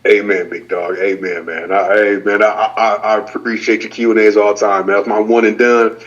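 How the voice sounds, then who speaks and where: Male caller, lowish voice, distant and muffled. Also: level tone, moderate pace. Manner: friendly and polite, slangy. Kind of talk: casual call-in question. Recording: dull sound from far off the mic.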